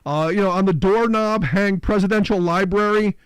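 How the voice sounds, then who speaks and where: A man's voice: sits high, normal speed, clean tone, no echo. A man hosting a call-in radio talk show, talking in a loose, opinionated, conversational way.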